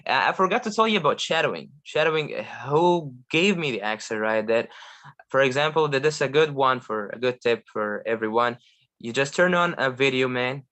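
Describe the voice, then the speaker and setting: A man from Egypt talks with eager, earnest energy on a live video chat. His pitch sits in the middle range, and he stops often with fillers and restarts sentences as he goes. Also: expressive, a little fast, a bit bright. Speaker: guest language learner. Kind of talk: casual chat on a live call.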